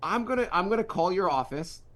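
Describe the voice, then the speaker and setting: A man co-hosting a casual comedy podcast, playful and riffing, jumping into quick bits. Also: sits high, expressive, fairly bright tone. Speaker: podcast co-host.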